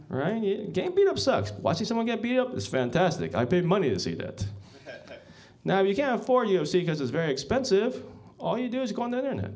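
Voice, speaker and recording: A man performs stand-up on a club stage. His voice sits a little high and leaps all over the place. He rambles through deadpan stories, padding them with ums and asides to the crowd. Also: a little fast. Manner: rambling deadpan storytelling with many ums, often says "guys". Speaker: stand-up comedian. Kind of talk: stand-up set.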